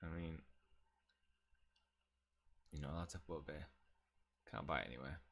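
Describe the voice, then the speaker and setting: A man's voice: a bass voice, moderate pace, a bit bright. A man streaming a video game, joking and chatting with viewers in a rambling way. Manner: jokey, rambling, chats with viewers. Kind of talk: casual livestream commentary.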